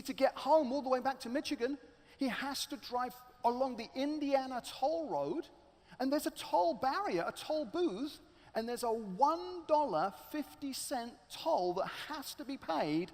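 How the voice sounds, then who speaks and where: A man preaching a sermon as a dramatic, animated storyteller. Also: very high voice. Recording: echoey large hall.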